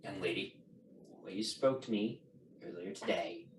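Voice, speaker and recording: A man voicing a strict middle-aged father who lectures his daughter in a low, slow voice, recorded in an echoey room from a distance. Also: slight background noise, lightly acted. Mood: stern.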